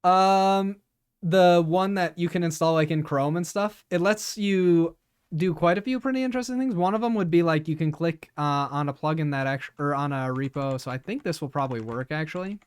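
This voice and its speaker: A man's voice: on the high side, fairly quick, clean tone. A man streaming live, chatting casually with his viewers, laughing often and repeating words as he talks.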